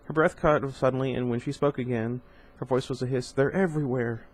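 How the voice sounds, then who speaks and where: A man's voice: mid-range voice, steady tone, fairly quick, low-quality recording. A man reading a novel aloud in an informal way, with casual asides and stumbles over hard words. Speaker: reader.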